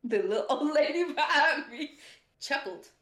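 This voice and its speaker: A woman's voice: high voice, expressive, moderate pace, fairly bright tone, reverberant. A woman co-hosting a podcast, telling a story in a casual, sassy way and laughing often. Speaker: podcast co-host.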